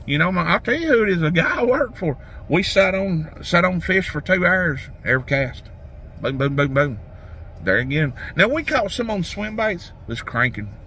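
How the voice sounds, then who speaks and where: A man's voice: high voice, pushed and bright, a little hiss or hum. A man, rambling folksy talk about fishing as a vlogger, outdoors by a lake. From Tennessee. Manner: folksy, rambling, restarts a lot. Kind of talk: casual rambling talk to camera.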